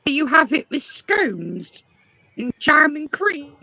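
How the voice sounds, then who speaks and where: A woman's voice: high voice, big pitch swings, slow, gravelly, sharp tone, no room sound, poor audio. An English woman chatting casually, explaining things at length. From England. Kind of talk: casual chat.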